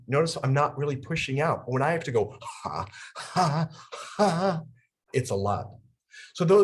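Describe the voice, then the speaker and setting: A young man from New York, medium-pitched and bursting with energy, runs a laughter yoga session on a video call. He laughs through his instructions and keeps launching into ha-ha chants.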